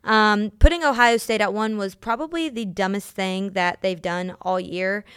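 Young female podcast host, casual and opinionated, smooth voice, dry room. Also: medium pitch, moderate pace, fairly bright tone, no room sound. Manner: blunt, opinionated, many ums. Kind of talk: casual sports opinion rant.

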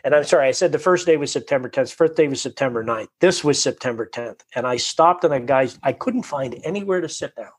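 A man telling a personal story in conversation, animated and acting out his own inner voice. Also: medium pitch, a little fast, few pauses, breathy edge.

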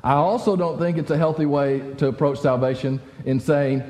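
A man's voice: a little high, fairly even intonation, normal speed, darkish tone, long reverb tail. A man giving a casual, conversational sermon as a pastor, talking with many fillers and restarts.

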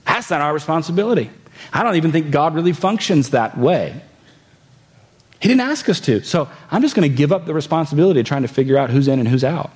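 Male pastor, slightly high voice, conversational sermon delivery with rhetorical questions to the congregation. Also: expressive, fast, a little mellow. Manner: reads scripture aloud, then explains it.

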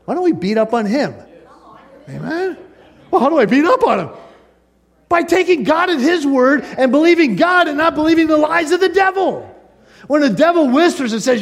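A man preaching a sermon as pastor, animated, acting out the voices of doubting listeners. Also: extremely high pitch, moderate pace, creaky.

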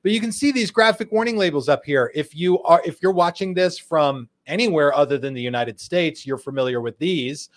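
A man's voice: a little high, brisk, hardly any pauses. A man hosting a live cigar show, joking and bantering playfully with his co-hosts and viewers. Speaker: podcast host.

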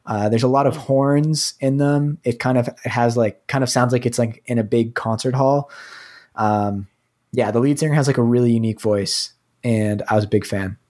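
A man's voice: mid-range voice, steady tone, moderate pace, darkish tone. A young man co-hosting a podcast over a remote call, talking casually and with many hesitations. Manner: rambling, hesitant. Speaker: podcast co-host. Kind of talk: casual chat. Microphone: headphones with mic, remote call.

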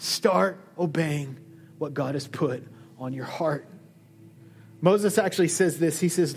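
A man preaching a sermon as a pastor, animated, acting out the dialogue he quotes. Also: slow, long pauses. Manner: lively, acts out quoted dialogue with shifting pitch. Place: church hall.

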